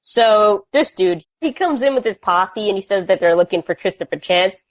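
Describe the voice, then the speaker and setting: A woman co-hosting a podcast, recapping a TV episode in a quick, sarcastic storytelling way. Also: mid-range voice, expressive, no room sound, dull audio. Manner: sarcastic, quick storytelling with playful put-on quotes. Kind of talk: casual recap chat.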